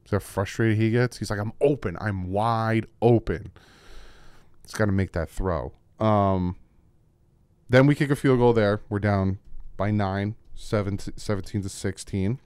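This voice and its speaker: A man hosting a casual football film breakdown at a desk microphone, emphatic and repetitive, his voice jumping up when he gets excited. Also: fairly low pitch, moderate pace, clean tone, dry recording. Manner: emphatic, repeats points, voice jumps when excited. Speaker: football film-study host.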